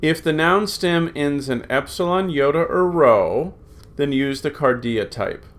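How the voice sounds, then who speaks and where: A man's voice: a little high, animated, unhurried. A middle-aged man teaching a recorded Greek grammar lesson, patient and plain, with many filler sounds as he repeats forms aloud.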